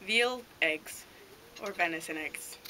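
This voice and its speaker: Woman doing deadpan rural hunter guy. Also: lowish voice, slow, crowd noise, poor audio. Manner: deadpan rambling storytelling. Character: dim cheerful male rural deer hunter. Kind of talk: improvised comedy sketch.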